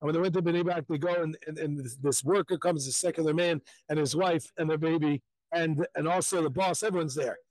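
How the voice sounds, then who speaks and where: A man's voice: on the high side, fairly quick, a little mellow, no room sound, low-quality recording. A man, a rabbi, telling a story live at a crowded outdoor pilgrimage site, emphatic and repetitive, acting out the quotes.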